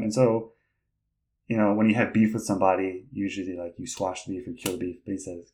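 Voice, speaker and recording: A man hosting a podcast in casual chat, rambling and hesitant with lots of fillers and restarts, laughing often and getting excited. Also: fairly low pitch, fairly quick, low-quality recording. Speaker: podcast host.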